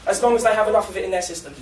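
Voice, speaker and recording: A young man from London doing a stand-up comedy set, chatty and self-mocking, often laughing at his own lines. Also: sits high. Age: young adult. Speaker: student comedian. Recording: echoey room, distant mic, noisy.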